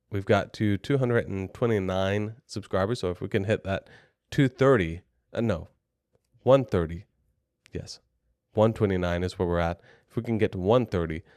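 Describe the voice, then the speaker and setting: A man's voice: fairly low pitch, clear, resonant tone, no room sound, studio quality. A young adult man co-hosting a podcast, telling a story in a chatty, rambling, self-deprecating way. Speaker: podcast co-host.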